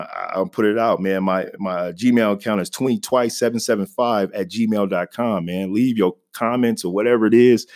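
On a home podcast mic, a man with a low, darkish voice chats loosely on his own show, regularly saying "man" and "you know" in a casual, conversational solo style.

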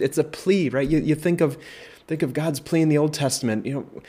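A man with a fairly high, brisk, mellow and husky voice, a pastor leading an informal Bible study in a conversational style. He keeps tossing in "right?" and restarting his sentences, and his voice climbs when he speaks as Jesus.

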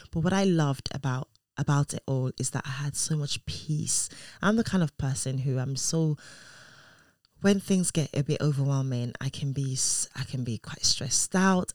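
A mother in her thirties tells a personal story casually and with animation, acting out what people said and often restarting sentences. Her voice is a bass, recorded in studio quality with no echo.

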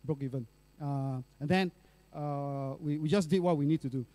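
A man's voice: fairly high pitch, moderate pace, mellow, no room sound. A middle-aged male pastor, telling a personal story in a sermon in a chatty way, full of fillers and tag questions.

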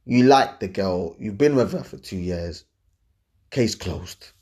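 A young man gives blunt, animated relationship advice in a casual, slangy way, repeating his points. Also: fairly low pitch, slow. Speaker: advice-giving host.

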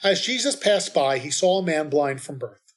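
Man, lector, liturgical scripture reading, measured, steady, fairly high voice.

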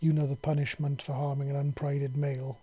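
A man doing soft, cooing alien doctors. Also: mid-range voice, flat delivery, a little fast, natural voice. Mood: stern. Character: gentle motherly female alien doctors.

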